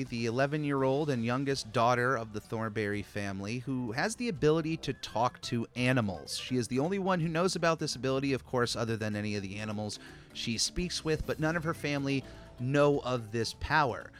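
A man's voice: fairly high pitch, a bit bright. A man talking casually as a host about old cartoons, chatty with frequent fillers and restarts. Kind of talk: casual commentary.

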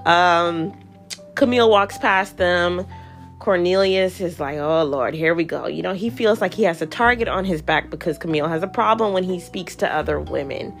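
Chatty woman podcast host, lowish voice. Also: moderate pace, faint music behind. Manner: chatty and animated, laughs often, acts out quotes. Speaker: podcast host reviewing a reality show. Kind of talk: casual recap commentary.

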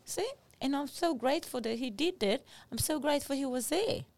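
A woman co-hosting a podcast, telling stories in an animated, earnest way with simple phrasing. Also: high voice, brisk, gravelly, no echo. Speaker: podcast co-host. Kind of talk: casual chat, storytelling.

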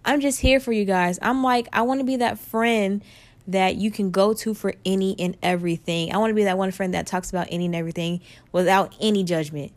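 A woman's voice: medium pitch, a little fast. Upbeat woman in her twenties, podcasting. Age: 20s. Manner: chatty, upbeat and animated. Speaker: podcast host. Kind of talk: casual solo podcast chat.

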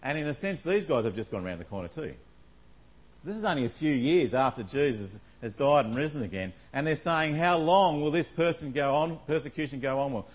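A man's voice: on the high side, animated, brisk, husky, poor audio. A man preaching a conversational sermon, reading scripture aloud and asking the congregation questions along the way. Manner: conversational, asks the congregation questions, many fillers.

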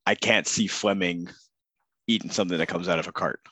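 Easygoing male podcast host, low voice, dry sound. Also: fairly even intonation, a little fast, bright, forceful tone, no echo. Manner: easygoing, affirming with short backchannels. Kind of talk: casual podcast chat.

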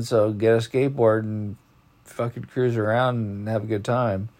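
A man's voice: on the low side, steady tone, unhurried, darkish tone. A man hosting a podcast in casual chat, rambling in laid-back slang and yawning as if sleepy. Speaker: podcast host.

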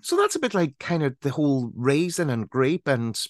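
A man's voice: on the high side, wildly swooping pitch, moderate pace, dry recording, clean studio sound. A man in his forties with a Northern Irish accent, co-hosting a podcast and telling rambling personal stories. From Northern Ireland. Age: 40s. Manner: rambling, anecdotal storytelling. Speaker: podcast co-host. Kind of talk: casual chat.

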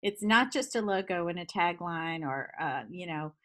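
A woman hosting an interview, responding to her guest warmly and enthusiastically before asking her next question. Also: on the low side, animated, normal speed. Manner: warm, affirming, enthusiastic. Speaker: interview host. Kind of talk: conversational interview.

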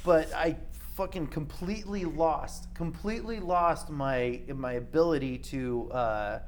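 A man spins a long, profane story in a loose, rambling way. His voice sits a touch high for a man, and faint background noise runs beneath it. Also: a little slow. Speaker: podcast co-host. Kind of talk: casual chat.

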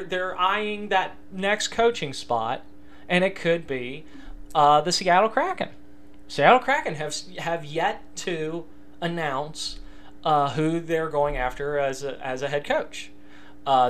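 A young man hosting a casual solo sports podcast, rambling and self-deprecating, with many fillers and restarts. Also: mid-range voice. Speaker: podcast host.

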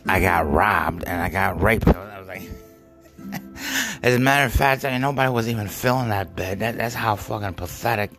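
A man rambling through an absurd monologue, halting and stammering, full of fillers and offhand swearing. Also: on the low side, big pitch swings, fairly bright tone. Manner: halting, stammering, repeats words, heavy fillers; profane, offhand. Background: music.

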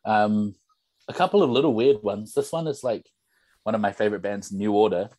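A man's voice: on the low side, brisk, mellow, dry recording. A young man, a podcast guest telling stories in a casual, rambling way full of "like" and "bro". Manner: rambling storyteller, lots of "like" and "bro". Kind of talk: casual chat.

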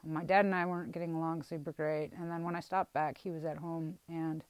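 Young adult woman vlogger, husky-low register, frank and rambling, close and dry. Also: level tone, no room sound, rough recording. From Wisconsin, US. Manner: rambling, halting, with restarts and frank swearing. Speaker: vlogger telling a personal story. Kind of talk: candid personal storytelling.

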